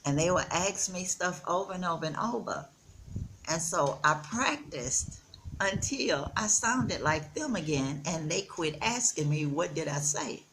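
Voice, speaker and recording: A woman's voice: fairly low pitch, lively intonation, fairly bright tone, a little hiss or hum. A woman in her sixties with a Texan accent, chatting earnestly to her viewers in a casual vlog. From Texas. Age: 60s. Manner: slow, earnest, addresses viewers as y'all. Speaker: vlogger. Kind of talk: casual chat. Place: outdoors in the Gambia.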